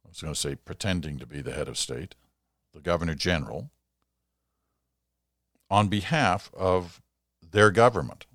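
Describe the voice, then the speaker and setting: A man's voice: deep voice, expressive, normal speed, pauses often, fairly bright tone, dry recording, clean studio sound. An older man hosting a podcast, reading listener letters aloud and answering them in a conversational, explanatory way. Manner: conversational, explanatory, occasional chuckle.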